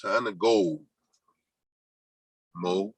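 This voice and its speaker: A man's voice: low-pitched, extremely slow, background noise. A man hosting a casual livestream, rambling loosely and talking to his chat and to himself. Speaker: livestream host.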